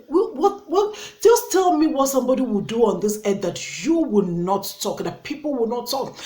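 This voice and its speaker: A woman's voice: on the high side, warm tone. A woman from Africa with an African English accent, scolding her critics in an opinion vlog, full of rhetorical questions. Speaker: YouTuber. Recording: echoey room.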